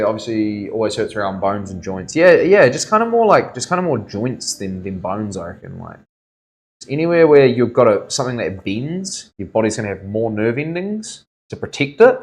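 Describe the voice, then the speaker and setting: A young man talks in a rather low voice while he works as a tattoo artist. His chat is loose and rambling, full of "like", "bro" and "eh". He tells stories from his own work in an easy, offhand way. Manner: laid-back, rambling storyteller full of "like", "bro" and "eh". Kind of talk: casual chat.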